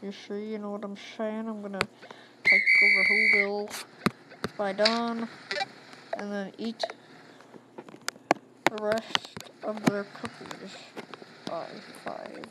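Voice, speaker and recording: A woman putting on a mock-sinister male Grinch voice, a scheming grumpy holiday grouch, in a low drawl. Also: little pitch movement, takes it slowly, long pauses, lightly acted. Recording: loud background noise.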